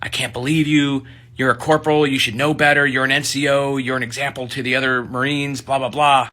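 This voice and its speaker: A man voicing an exasperated, gruff male Marine staff sergeant who rants in loud rhetorical questions. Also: mid-range voice, moderate pace, voice pushed up. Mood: angry.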